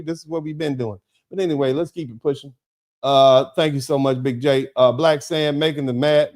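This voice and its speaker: Animated, high-pitched American man commenting. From United States. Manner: animated, preacherly, acts out dialogues; drops to low, quiet tone when telling a personal story. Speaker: legal commentator host reading chat. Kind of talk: casual livestream commentary.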